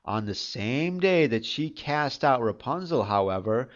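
Fairy tale narrator: slow, measured and expressive, recorded on a dull, lo-fi mic. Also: medium pitch. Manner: expressive, unhurried storybook reading. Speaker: storyteller.

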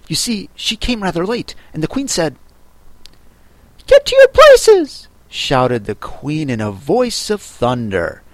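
A man narrating a children's classic in an expressive, unhurried storybook reading. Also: mid-range voice, no echo. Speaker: audiobook narrator.

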